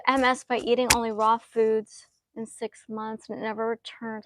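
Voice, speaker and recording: A woman hosting a live-stream question and answer session, speaking earnestly and often pausing with fillers as she reads comments. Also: fairly high pitch, little pitch movement, fairly bright tone, dry recording. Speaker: host answering viewer questions.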